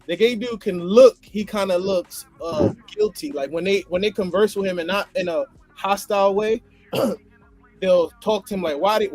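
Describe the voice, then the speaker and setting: A man from Brooklyn in a casual podcast talk, telling stories in an animated way. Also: high voice. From Brooklyn, New York. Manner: storytelling, animated, with laughs. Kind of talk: casual conversation.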